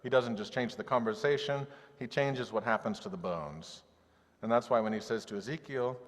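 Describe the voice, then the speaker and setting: A man preaching a sermon in a conversational, animated way, acting out quoted voices. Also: lowish voice, fairly quick, in a large hall. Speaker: pastor. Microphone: video call audio.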